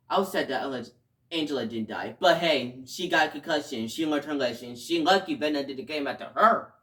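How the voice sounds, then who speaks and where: A man giving a casual video review, talking emotionally and rambling, with sudden loud outbursts between quieter stretches. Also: fairly high pitch. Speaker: show reviewer.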